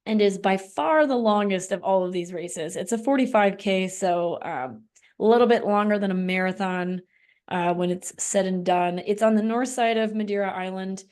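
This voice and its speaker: A woman co-hosting a podcast in casual chat, relaxed, with many fillers. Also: medium pitch, moderate pace, clear, resonant tone. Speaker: podcast co-host.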